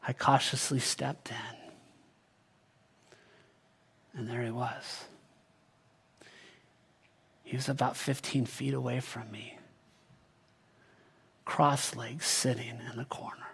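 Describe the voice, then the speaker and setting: A man telling a Bible story in the first person as a character, often dropping to a hushed whisper. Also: mid-range voice, little pitch movement, slow, creaky, pauses often, breathy edge.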